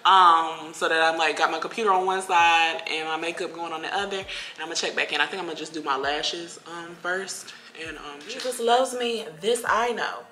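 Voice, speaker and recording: A woman's voice: low voice, steady tone, brisk, hardly any pauses, sharp tone. A young woman, a little tipsy, chatting playfully to her viewers while doing her makeup at home. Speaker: beauty vlogger. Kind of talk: casual get-ready-with-me chat. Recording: roomy room with music playing behind.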